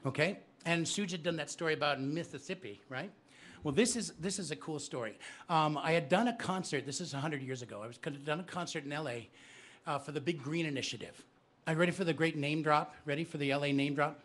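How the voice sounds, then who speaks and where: A man's voice: a little high, quick pace, fairly bright tone. A man telling comic stories live to an audience in a bookstore, chatting with the crowd. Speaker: storyteller.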